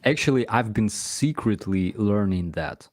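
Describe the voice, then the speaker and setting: A man's voice: fairly low pitch, animated, measured pace, no room sound, studio quality. A man whose first language is Ukrainian, a guest on a casual live show, talking hesitantly with many fillers. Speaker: guest commentator. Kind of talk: casual livestream chat.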